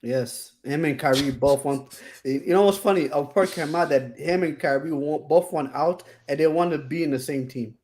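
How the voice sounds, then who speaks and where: A young man co-hosting a casual chat, rambling and halting as he complains. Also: on the high side, a little mellow, a little hiss or hum. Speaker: co-host.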